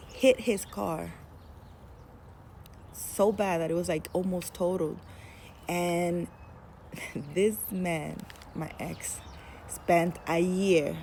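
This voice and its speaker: A woman's voice: on the low side, gravelly, a little mellow, a little hiss or hum. A woman casually telling a personal story to camera, chatty and candid, laughing at herself now and then. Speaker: spiritual storyteller.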